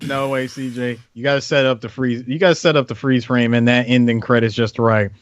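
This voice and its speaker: A man co-hosting a casual movie podcast, retelling scenes with animated energy. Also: mid-range voice, fairly quick. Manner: animated storyteller, acts out scenes. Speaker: podcast co-host.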